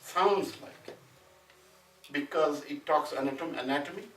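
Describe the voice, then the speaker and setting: A man's voice: a little high, unhurried, fairly bright tone. Indian-born man teaching a class, echoey and distant. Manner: conversational, often asks "you know what I'm saying?". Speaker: Sanskrit teacher. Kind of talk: classroom lecture with discussion. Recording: echoey room, mic at a distance, faint noise.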